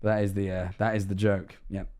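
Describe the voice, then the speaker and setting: A man's voice: lowish voice, little pitch movement, fairly quick, darkish tone, smooth. A young man from England with an English accent, chatting casually on a livestream, rambling, joking and swearing. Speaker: streamer. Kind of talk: casual livestream reaction chat.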